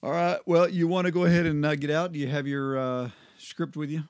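A man's voice: fairly high pitch, steady tone, fairly quick, clear, resonant tone, dry recording, clean studio sound. A man co-hosting a casual talk, reacting with short comments and thanks. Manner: responsive, short interjections. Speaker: podcast co-host. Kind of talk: casual conversation.

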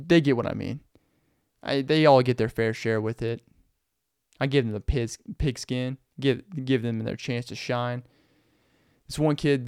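Smooth-voiced young man telling stories. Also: medium pitch, no echo, studio quality. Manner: rambling, animated, laughs often. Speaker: podcast host. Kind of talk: casual storytelling monologue.

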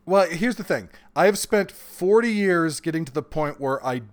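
Give me an animated man in his forties with a fairly high voice, chatting as an interview guest. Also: moderate pace. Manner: animated storyteller, bursts of laughter. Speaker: author guest. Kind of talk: casual interview chat.

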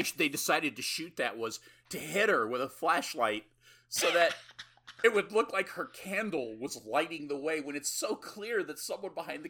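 A man's voice: on the high side, pushed and bright. A man co-hosting a podcast who drops dry, wisecracking asides in casual chat. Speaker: podcast co-host.

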